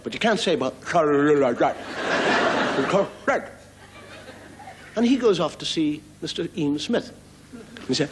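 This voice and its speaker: Direction: animated Irish comedian telling a tale. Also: male voice, on the high side, measured pace, long pauses, a loud crowd, heavy background noise. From Ireland. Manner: animated, swooping storyteller. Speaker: comedian and host. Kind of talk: stand-up storytelling. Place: TV studio with live audience.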